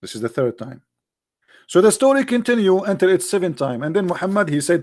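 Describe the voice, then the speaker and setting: Man, religious commentator, high voice, mocking and emphatic, shaky non-native English grammar. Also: very animated, fairly quick. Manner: mocking, emphatic, rhetorical questions. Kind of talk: argumentative monologue.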